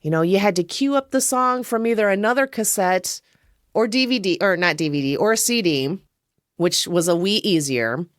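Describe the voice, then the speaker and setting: A woman in her thirties hosting a casual film review podcast, swearing freely, giggling often and telling the story with lively energy. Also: mid-range voice, moderate pace, no room sound, clean studio sound. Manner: profane, giggly, animated storytelling. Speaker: podcast host.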